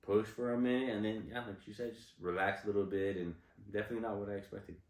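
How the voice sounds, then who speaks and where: A man's voice: on the low side, steady tone, quick pace. A young man casually recounting a story on camera, easygoing and full of "you know" fillers. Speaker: vlogger co-host. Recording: roomy echo.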